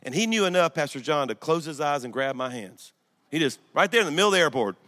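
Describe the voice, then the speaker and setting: A man from Louisiana preaching a storytelling sermon in church, swinging from hushed retelling to loud, excited bursts. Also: a little high, fast talker. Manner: animated, swings from hushed to shouting, laughs at own story. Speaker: guest preacher.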